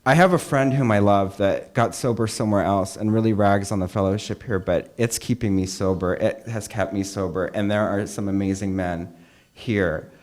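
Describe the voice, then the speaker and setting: A young man with a fairly low voice shares his story at a meeting. He talks candidly and mocks himself, with plenty of fillers and asides. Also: fairly even intonation, normal speed, a little mellow. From California. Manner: candid, self-mocking, conversational with frequent fillers. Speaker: meeting speaker. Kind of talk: personal recovery talk. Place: meeting hall.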